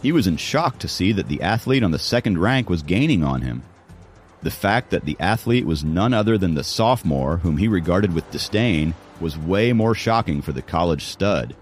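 A man's voice: low-pitched, sing-song, normal speed, soft background music. A man narrating an audiobook in a dramatic storytelling manner. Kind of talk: scripted narration.

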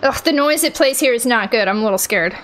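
A woman hosting a let's play, thinking aloud in a chatty, unsure way and often yelling out in excitement. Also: fairly high pitch, quick pace. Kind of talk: gaming commentary. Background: game music.

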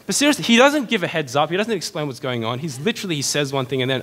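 A man preaching a sermon as pastor, in a lively, conversational way full of rhetorical questions. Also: on the high side, rapid-fire. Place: church hall. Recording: long reverb of a church hall.

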